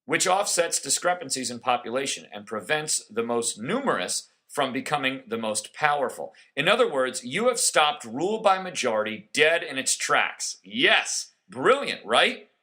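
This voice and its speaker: Lively, bright-voiced political talk host. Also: male voice, mid-range voice. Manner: emphatic, sarcastic, preachy. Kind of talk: conservative political monologue.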